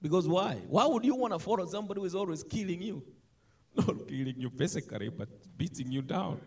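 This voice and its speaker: A man preaching a sermon, animated, swinging between loud emphatic lines and soft asides. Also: high-pitched, fast talker, breathy edge.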